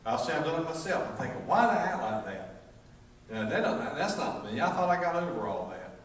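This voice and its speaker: A man's voice: on the high side, sing-song, brisk. A middle-aged man with a Southern accent preaching a sermon, a folksy storyteller who jokes and acts out voices. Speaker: pastor. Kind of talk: sermon with humorous stories. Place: church sanctuary. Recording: echoey church from far off, faint noise.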